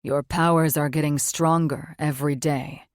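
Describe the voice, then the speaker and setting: Woman playing a protective demon lover, gruff and low, quietly reassuring. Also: fairly even intonation, normal speed, dry recording, clean studio sound. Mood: soothing. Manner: low, soothing, terse. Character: brooding male demon wolf mate, protective.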